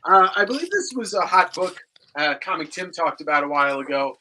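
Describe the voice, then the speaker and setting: A man's voice: fairly high pitch, sing-song, fairly quick, pushed and bright, slight background noise, rough recording. A man co-hosting a live comic book claim sale, joking around and rattling off comic listings and prices. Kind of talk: casual live-stream banter and sales.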